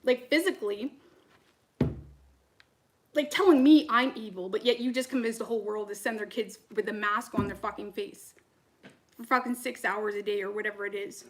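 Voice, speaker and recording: A woman's voice: mid-range voice, moderate pace, pauses often, a little hiss or hum. A woman, a tarot reader, ranting to camera in a heated, profane, rambling way between readings.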